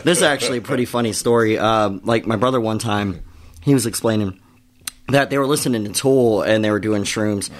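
A man's voice: on the low side, brisk. A man chatting casually on a podcast, telling a long story in a profane, rambling way and calling himself a podcast co-host.

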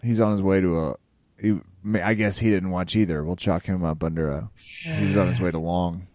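A laid-back man trades jokes as a podcast co-host. His voice sits a little low and sounds dry and close to the mic. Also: fairly even intonation, brisk, darkish tone, dry recording. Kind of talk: casual podcast chat.

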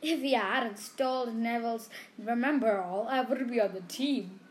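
A man's voice: very high-pitched, moderate pace, a little hiss or hum. A woman voicing a gleeful young schoolboy in a storybook reading.

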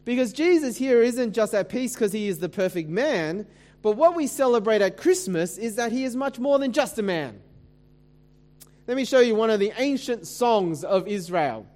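A man's voice: high voice, animated, moderate pace, darkish tone. A man preaching a sermon as a pastor, talking conversationally with rhetorical questions. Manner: dramatic scripture reading.

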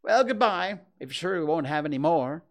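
A man's voice: a little high, expressive, brisk, voice pushed up. A man voicing a cautious, polite male rabbit, speaking in a prim and fussy way.

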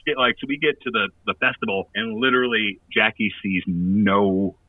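A man's voice: fairly low pitch, fairly even intonation, normal speed, no room sound, far from the mic, narrow, tinny audio. A man who plays in a touring band telling a long, rambling anecdote in casual chat, laughing often and using lots of fillers.

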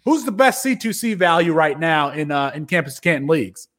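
A man with a fairly high voice co-hosts a casual sports podcast. He is upbeat and argumentative, and slips into a mock-formal courtroom tone. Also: sing-song, brisk, a bit bright. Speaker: podcast co-host.

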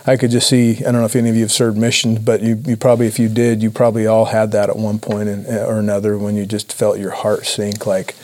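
A man giving a personal testimony talk to a church audience, earnest and halting with many restarts. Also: fairly low pitch, little pitch movement, darkish tone. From Idaho, USA. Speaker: church speaker.

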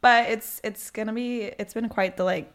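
A woman's voice: a little high, fairly even intonation, normal speed, a bit bright. A young woman co-hosting a podcast, chatting casually and reading an ad in an upbeat, filler-heavy way. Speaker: podcast co-host. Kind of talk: casual podcast chat and ad read.

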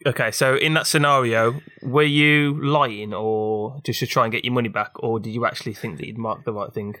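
Brief: young podcast host, skeptical and sweary, dry close sound. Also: male voice, medium pitch, steady tone, moderate pace, pushed and bright, no echo. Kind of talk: casual chat.

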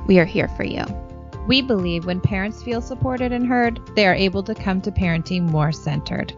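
A woman reading a podcast intro voice-over in a gentle, reassuring way. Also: mid-range voice, normal speed. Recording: dull lo-fi voice-over over music.

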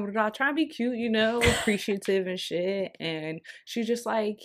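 A young woman co-hosting a podcast, telling a dating story in a loose, slangy, animated way. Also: mid-range voice, normal speed, few pauses, slight background noise. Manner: slangy, laughing, animated retelling. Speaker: podcast co-host. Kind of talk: casual storytelling chat.

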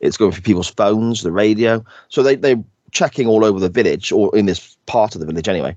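A man's voice: lowish voice, brisk, darkish tone, dry recording, dull audio. A man co-hosting a podcast, chatting casually and laughing as he retells episode scenes with quoted lines. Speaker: podcast co-host. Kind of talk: casual chat recapping an episode.

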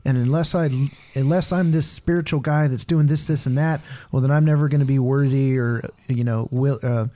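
A candid man talks through his thoughts on a podcast in a mellow, warm voice. He rambles and leans heavily on casual fillers. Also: medium pitch, fairly even intonation, brisk, hardly any pauses. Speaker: podcast co-host. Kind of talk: casual faith conversation.

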